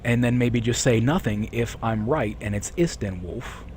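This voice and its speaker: A man's voice: mid-range voice, moderate pace, noisy background. Rambling male streamer with a sore throat. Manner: rambling, self-correcting, reads chat aloud. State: sore throat, clearing it often. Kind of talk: casual live-stream chat.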